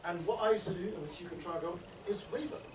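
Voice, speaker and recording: A man giving an informal training talk to a group, chatty and often checking in with "you know" and "yeah?". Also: fast talker. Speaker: street outreach trainer. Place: indoor meeting room. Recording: low-quality recording, distant mic in an echoey room with background noise.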